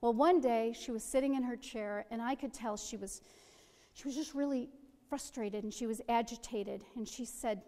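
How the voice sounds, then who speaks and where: A middle-aged woman with a slightly high voice tells a personal story gently and with humor. Her voice carries a long, ringing reverb, as if she were heard in a big hall. She unfolds the tale at an easy storytelling pace. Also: moderate pace.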